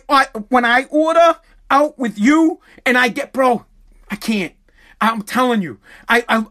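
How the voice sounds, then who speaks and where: Host, woman, high voice; profane, stammering comedic rant. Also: a bit bright. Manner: heated, profane, stammering restarts.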